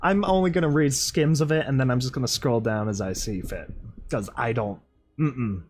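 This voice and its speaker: A man's voice: medium pitch, moderate pace. A man reading a story aloud and commenting on it, laughing often and crying out in mock dismay. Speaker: reader and commentator. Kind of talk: fan fiction reading with commentary.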